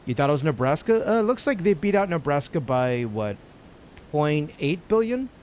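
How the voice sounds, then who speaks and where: A man's voice: fairly high pitch, very animated, normal speed, a little mellow, a little hiss or hum. A man from Texas chatting casually on a gaming livestream, rambling between topics and reading chat messages aloud. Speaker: streamer.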